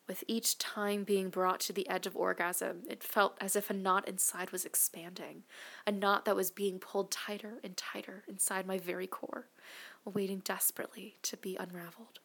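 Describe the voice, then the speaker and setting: A woman narrating an erotic audio story, mostly in a hushed, breathy whisper. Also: medium pitch. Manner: hushed, breathy, intimate delivery.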